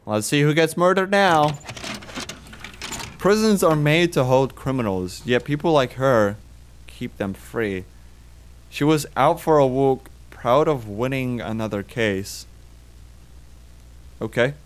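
A man's voice: mid-range voice, takes it slowly, pauses often, clean tone. A man playing a horror game on his channel, reading its text aloud and reacting with swearing and jokes. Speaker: gaming video host. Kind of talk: casual horror game commentary.

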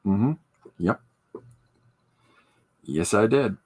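A man in his forties hosting a podcast, telling rambling, self-deprecating stories in casual chat, with halting restarts and frequent laughs. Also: on the low side, expressive, darkish tone, breathy edge. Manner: halting restarts with many fillers. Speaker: podcast host and artist.

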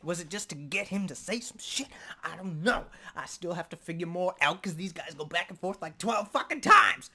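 A man hosting a reaction video, talking in an excitable, loud way with lots of swearing. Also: high-pitched, a little fast, slightly rough. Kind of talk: casual reaction commentary.

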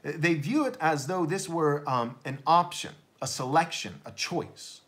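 A man preaching a sermon as pastor, blunt and emphatic, often restarting his words in quick repeats. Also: fairly high pitch, fairly bright tone.

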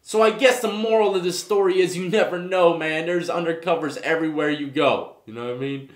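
A man's voice: on the high side, fairly quick, reverberant. Slangy man telling jail stories. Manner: street slang, frequent "okay?" and "you know what I mean". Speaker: YouTube host telling prison stories. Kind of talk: casual storytelling to camera.

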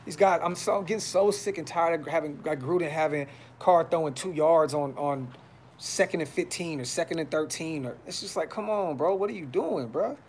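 A man's voice: a little high, fairly quick, a little mellow, a little hiss or hum. A man hosting a fan podcast, talking casually on a live stream with frustration, blunt slang and lots of repeats. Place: brother's house.

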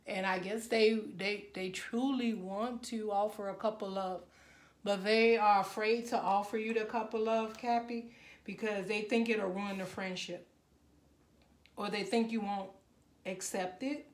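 A woman reads tarot cards for her viewers in a loose, chatty way. She gets emotional and keeps breaking into exclamations. Her voice sits at a middle pitch and echoes around the room. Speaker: tarot reader. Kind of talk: casual tarot reading to camera.

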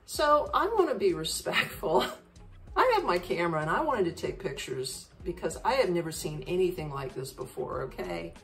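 Woman telling a travel story, really lively pitch, chatty, acts out the voices, faint music behind. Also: normal speed, vocal fry, recorded from a distance. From United States. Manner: animated, chatty, acts out dialogue. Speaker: podcast host.

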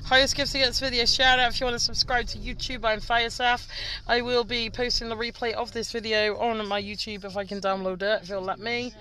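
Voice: mid-range voice, little pitch movement, a little fast, pushed and bright, a little hiss or hum. A live-streamer in a car's passenger seat, chatting loosely and greeting viewers by name between directions to the driver. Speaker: livestreamer. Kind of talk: live-stream chat while riding in a car. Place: passenger seat of a moving car.

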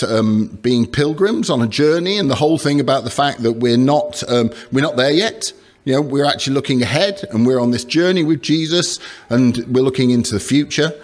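Lively-voiced man preaching a sermon. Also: medium pitch. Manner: conversational, with frequent fillers and restarts; reads scripture aloud with emphasis.

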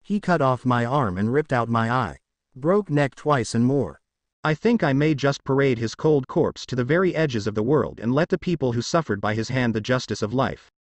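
A man's voice: medium pitch, lively intonation, moderate pace, no echo, natural voice. A man reading the part of a brash, vengeful young male ninja who growls threats and plays pranks. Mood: menacing.

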